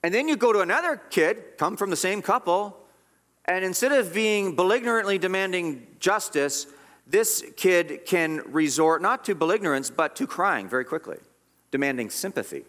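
A man's voice: sits high, animated, moderate pace, a bit bright. A man preaching a sermon as pastor, earnest and emphatic, often repeating and restarting his words.

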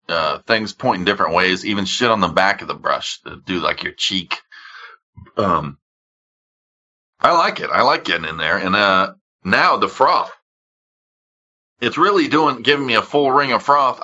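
A lower-pitched man chats casually and rambles through crude stories. His voice is bright and forceful. The sound is a little dull and lo-fi. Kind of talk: casual chat.

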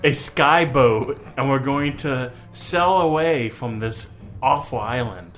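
A man's voice: mid-range voice, takes it slowly, a bit bright. A man chatting and joking as a player in a tabletop game, laughing often.

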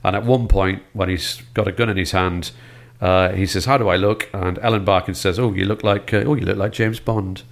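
A man's voice: low-pitched, fairly even intonation, brisk, creaky, hardly any pauses. An older man chatting about films as a guest, telling stories with a dry sense of humor. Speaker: film guest. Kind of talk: casual film chat.

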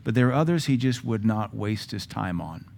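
A man's voice: fairly low pitch, animated, moderate pace, creaky, a little mellow. Blunt sarcastic Southern preacher man. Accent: Southern American. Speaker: pastor. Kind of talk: sermon.

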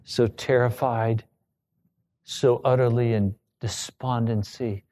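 A man preaching a sermon, telling a personal story with emotion that rises to loud pleading. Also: mid-range voice, steady tone, takes it slowly. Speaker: pastor.

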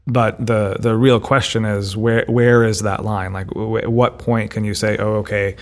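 A man's voice: fairly low pitch, flat delivery, moderate pace. A man co-hosting a podcast, talking through ideas in a thoughtful casual way and often repeating words as he thinks. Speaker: podcast co-host. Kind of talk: casual discussion.

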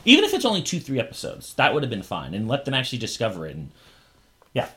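A man co-hosting a podcast in casual chat, talking in an animated way with many fillers. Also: medium pitch, fast. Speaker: podcast co-host.

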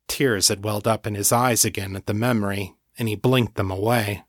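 A man narrating a fantasy novel in a calm, measured way, close to the mic. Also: on the low side, dry recording. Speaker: audiobook narrator. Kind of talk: scripted narration.

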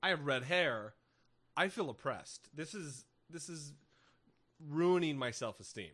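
A man co-hosts a casual comedy podcast, riffing and rambling with lots of restarts. His voice sits a little high and sounds bright, with a lively, swinging pitch. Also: a little slow. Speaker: podcast co-host.

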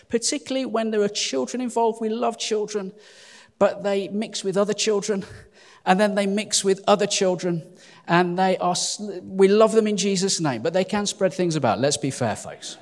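A church leader speaks to his congregation with lively, self-deprecating humour. His voice sits a little high for a man. The sound rings out with the long reverb of a large church hall. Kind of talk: sermon announcements to a congregation.

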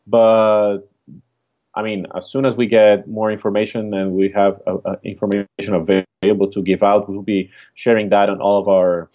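Spanish-accented man, relaxed podcast guest. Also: lowish voice, normal speed, narrow, tinny audio. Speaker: startup co-founder guest. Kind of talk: casual podcast interview.

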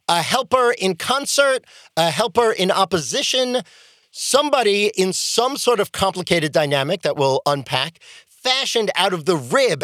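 An enthusiastic rabbi hosting a podcast and telling a story. His voice is high for a man, and his pitch swings widely. The recording is dry and close. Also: no room sound. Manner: animated, enthusiastic.

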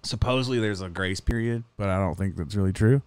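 A man telling a story in a casual chat, swearing freely and animated. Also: fairly low pitch, fairly quick, clear, resonant tone, no echo.

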